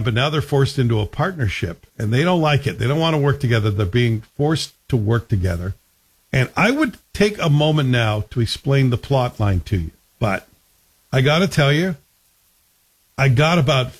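A man talks through a TV series in a loose, conversational review. His voice sits a little high, and he is wry, often putting questions to the listener. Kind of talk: casual spoken TV review.

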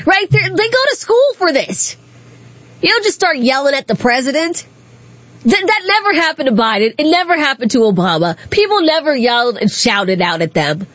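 A woman's voice: high-pitched, very animated, moderate pace, a bit bright, dry recording. A woman hosting a political talk show, delivering a sarcastic, mocking commentary monologue and laughing at her own jokes.

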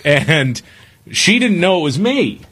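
A man co-hosting a podcast, telling stories in a casual, animated way and laughing as he talks. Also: on the high side, takes it slowly, husky. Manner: animated storyteller, laughs while talking. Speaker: podcast co-host. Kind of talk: casual chat and storytelling.

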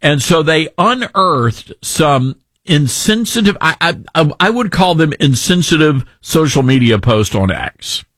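A man's voice: a little high, big pitch swings, unhurried, a bit bright, dry recording. A man with a Southern accent hosting talk radio, ranting sarcastically in an opinionated way.

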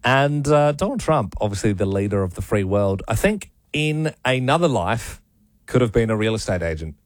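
A man's voice: lowish voice, moderate pace, no room sound, clean studio sound. A young adult man hosting a morning radio show, chatting and joking casually. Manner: joking, lively. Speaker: radio host.

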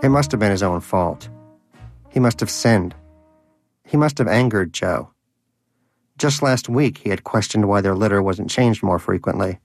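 Low-voiced man reading a story. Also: normal speed, pauses often, darkish tone, soft background music. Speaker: narrator. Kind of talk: storybook narration.

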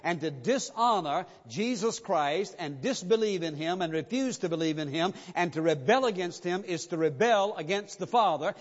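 A pastor preaching a sermon in a church, insistent and emphatic, driving points home with repetition. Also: male voice, high-pitched. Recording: dull muffled recording with long hall reverb.

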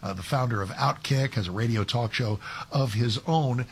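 A man's voice: mid-range voice, moderate pace, slightly rough. A man filling in as host of a talk radio show, giving emphatic commentary with many restarts and asides. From Texas.

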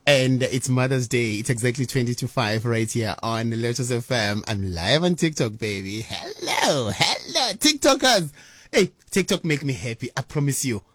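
A man's voice: medium pitch, no echo. Effusive radio host man. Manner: gushing, effusive, quick to laugh. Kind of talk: live radio presenting.

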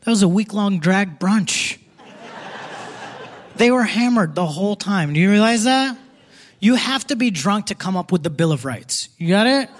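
High-voiced young comedian with Indian accent. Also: male voice, expressive, moderate pace. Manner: punchy, conversational delivery with crowd asides. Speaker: stand-up comedian. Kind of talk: live stand-up set. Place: theater stage before a live audience. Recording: live theater audience audible.

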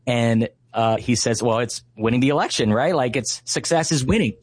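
A man in his thirties tells a story of faith in an earnest, heartfelt way, often pausing with "uh" and "you know". His voice sits at an ordinary middle pitch. It is recorded dry, with no room sound. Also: dry recording. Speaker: ministry leader and guest.

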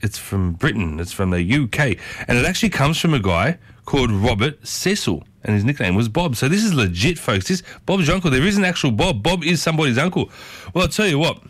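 A man's voice: mid-range voice, big pitch swings, a little fast, dry recording. An Australian man hosting a community radio show, talking in a chatty, enthusiastic way with his voice swooping upward. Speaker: radio host.

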